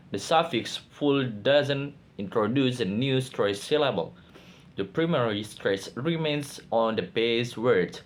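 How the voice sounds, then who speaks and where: A man presenting a class project, reading each slide aloud at a very unhurried pace. His delivery is careful and a little halting, with occasional restarts. His voice sits at an ordinary pitch for a man. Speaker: student presenter.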